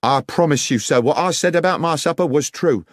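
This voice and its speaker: A man's voice: a little fast, dry recording, clean studio sound, natural voice. A man voicing a weary, defensive male railway guard in an audiobook, respectful but protesting. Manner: respectful, protesting, raised pitch.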